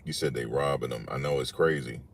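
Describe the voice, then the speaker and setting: A man's voice: rumbling low, fairly even intonation, a little fast, a little hiss or hum. A man hosting a sports channel, giving casual reaction commentary in an emphatic, slangy way and repeating his points.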